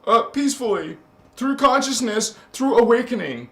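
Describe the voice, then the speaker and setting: High-pitched preachy man in an echoey room. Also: expressive, normal speed. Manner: preachy and scolding, with sudden loud chanted words; hesitant, many fillers and restarts. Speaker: spiritual channel host. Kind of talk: confrontational spiritual monologue.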